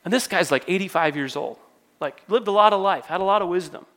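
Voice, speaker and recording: Delivering a sermon to a church congregation, this male worship pastor speaks quickly in a high-pitched, fairly bright voice. He preaches conversationally, telling stories and poking fun at himself.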